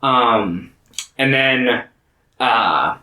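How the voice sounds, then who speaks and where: A man's voice: mid-range voice, animated, very slow, pushed and bright, reverberant, rough recording. A man co-hosting a podcast, casually recapping a film with loose, profane, filler-heavy talk. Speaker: podcast co-host. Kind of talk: casual movie chat.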